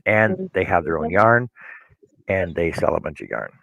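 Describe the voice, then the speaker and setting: Man co-host, deep voice, loose rambling storyteller, dry mic. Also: big pitch swings, moderate pace, vocal fry, fairly bright tone, no room sound, lo-fi sound. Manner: rambling storyteller, many restarts. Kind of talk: casual chat.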